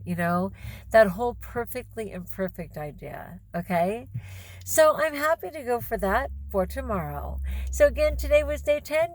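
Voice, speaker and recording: A middle-aged woman vlogging to camera in a casual, animated and effusive way. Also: mid-range voice.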